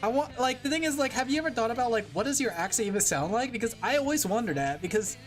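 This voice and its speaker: A woman's voice: fairly high pitch, animated, fast talker, faint music behind. A woman from California chatting casually on a livestream while drawing, rambling and laughing often. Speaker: VTuber streamer.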